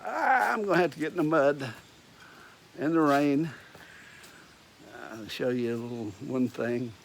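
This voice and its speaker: Texan man, slow folksy rambling vlog chat, faint background hum. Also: medium pitch, creaky, low-quality recording. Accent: Texas. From Texas, USA. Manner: rambling, folksy, many fillers and restarts. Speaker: vlogger. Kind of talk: casual chat. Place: outdoors at home in the rain.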